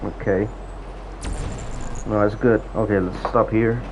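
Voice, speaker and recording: Speaking slowly in a fairly low, steady voice, this man is a gaming vlogger reminiscing about the old days of an online game in a profane, storytelling rant. It's a casual rant, recorded in dull lo-fi quality with a faint hiss.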